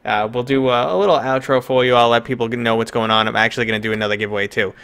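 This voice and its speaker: A man's voice: mid-range voice, fairly even intonation, rapid-fire, a bit bright, smooth. A man with a New York accent hosting a live stream, chatting loosely and joking with lots of fillers. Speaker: streamer host. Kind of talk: casual live-stream chat.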